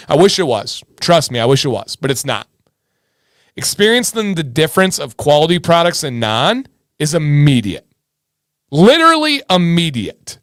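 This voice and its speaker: A man's voice: on the high side, fairly bright tone, no room sound, studio quality. A man hosting a casual livestream, greeting viewers by name and answering questions from the chat. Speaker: livestream host.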